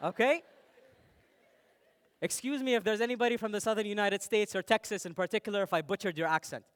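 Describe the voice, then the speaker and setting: A young man from the United Arab Emirates giving a playful, animated talk on stage and speaking straight to the audience. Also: sits high, fast, long pauses, clear, resonant tone. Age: young adult.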